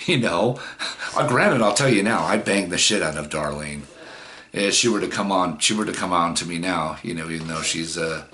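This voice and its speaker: Give me a deep-voiced man in his forties, rambling and swearing as he tells a story. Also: sharp tone, slight background noise. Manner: rambling, profane, many fillers. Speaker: vlogger. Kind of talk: casual storytelling.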